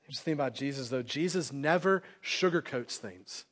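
A man's voice: mid-range voice, lively intonation, normal speed, fairly bright tone. A male pastor preaching a sermon to his congregation in a casual, conversational way, acting out quotes as he goes. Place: church sanctuary, live congregation.

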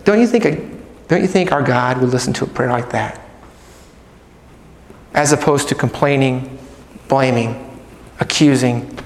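A middle-aged male pastor preaching a sermon, swinging from loud emphatic points to low, soft prayer. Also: unhurried, pauses often. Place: church hall. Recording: echoey church hall.

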